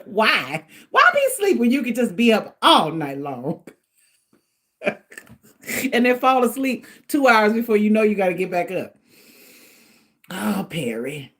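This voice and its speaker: A middle-aged woman hosting a casual livestream, chatting in an animated way and laughing often. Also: mid-range voice, a little slow, long pauses. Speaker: livestream host.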